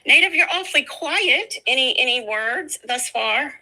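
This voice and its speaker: A woman hosting a casual livestream, slowly retelling news to her viewers in a chatty way. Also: high-pitched, animated, pushed and bright, a little hiss or hum, poor audio. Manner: slow, chatty storytelling. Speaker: livestream host.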